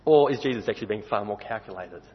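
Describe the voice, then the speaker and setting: A low, husky-voiced man delivers a sermon, speaking in a chatty way and putting questions to the congregation. His voice rings with a long hall reverb, and the recording sounds dull and muffled. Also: fast. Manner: conversational, asks the listeners questions. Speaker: preacher.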